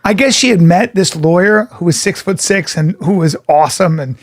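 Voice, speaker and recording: A man in his forties or older co-hosting a podcast, telling stories in a casual, animated way, acting out other people's voices and swearing freely. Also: high voice, brisk, no room sound, clean studio sound. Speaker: podcast co-host. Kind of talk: casual storytelling chat.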